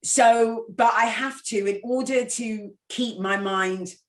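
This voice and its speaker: A woman's voice: on the high side, slow pace. Woman guest on a podcast, open and reflective, kinda echoey room. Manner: candid, reflective storytelling. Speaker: guest presenter. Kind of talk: casual podcast conversation.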